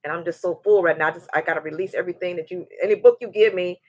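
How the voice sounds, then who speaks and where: A woman in her forties hosting a live show, chatting and telling a story in a lively way, often restarting her sentences. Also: lowish voice, very fast, no echo. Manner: animated, repeats words as she restarts, acts out quoted voices. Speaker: show host. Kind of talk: casual livestream chat and storytelling.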